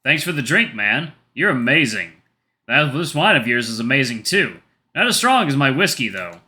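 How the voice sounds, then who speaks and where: Visual novel role: a man doing a teasing, flirty big tiger, sharp bright tone, lively playful lines. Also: medium pitch, normal speed. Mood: friendly. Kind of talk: visual novel read aloud.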